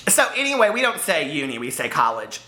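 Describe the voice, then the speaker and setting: Brief: American male book vlogger, rambling chatty delivery, bright forceful tone, roomy echo. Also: a little high, wildly swooping pitch, fairly quick. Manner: chatty, rambling, lots of asides and fillers. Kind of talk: casual unboxing chat to camera. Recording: echoey room.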